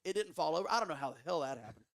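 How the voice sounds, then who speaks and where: A man guest on a podcast telling a story in a casual, animated way, swearing often and restarting his sentences. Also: on the high side, very fast. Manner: animated, profane, frequent restarts. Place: studio.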